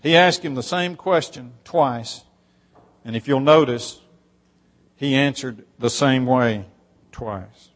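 Slow and mid-range, with long pauses, a man gives a sermon, reading scripture and stressing points as his voice swells on repeated phrases. The sound carries a long hall reverb.

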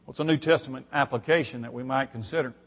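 A man's voice: medium pitch, quick pace. A man preaching a sermon, reading scripture and stressing his points, his voice building on repeated phrases. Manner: emphatic, rising on repeated phrases, reads scripture aloud. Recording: long hall reverb.

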